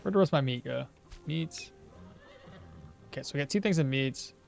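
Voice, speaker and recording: A man's voice: fairly high pitch, moderate pace, vocal fry, faint music behind. A young man streaming a game, chatting casually and answering viewers' questions as he plays. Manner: chatty, answering chat questions while playing. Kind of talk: casual live-stream commentary.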